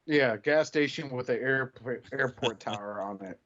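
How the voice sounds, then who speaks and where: A man's voice: medium pitch, moderate pace, a bit bright, highs cut off. A man co-hosting a casual podcast about toys, joking and swearing as he riffs. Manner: profane, jokey, slips into silly character voices. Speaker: podcast co-host.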